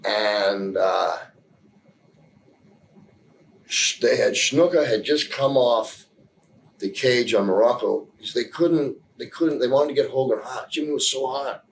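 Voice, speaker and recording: A man giving a candid interview, telling a story in a rambling, halting way with many restarts, earnest and emotional in places. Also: mid-range voice, vocal fry, slight background noise, low-quality recording. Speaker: interview guest.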